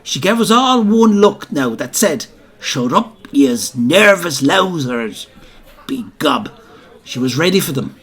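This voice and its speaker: A man's voice: on the high side, expressive, slow, a bit bright, husky, heavily acted. An actor playing an older Dublin man who tells a rambling, boastful pub story, with colloquial asides to his listeners. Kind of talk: theatrical comic monologue.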